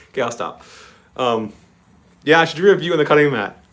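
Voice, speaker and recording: A man hosting a model railway livestream, chatty and excitable, greeting viewers by name and laughing often. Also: a little high, fast. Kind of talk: casual live-stream chat with viewers.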